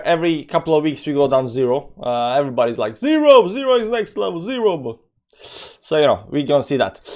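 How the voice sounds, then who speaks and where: A man's voice: fairly high pitch, darkish tone. A man live-streaming, casually greeting his chat and talking through a price chart, with loose, rambling non-native English phrasing and lots of fillers. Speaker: crypto trading live-streamer.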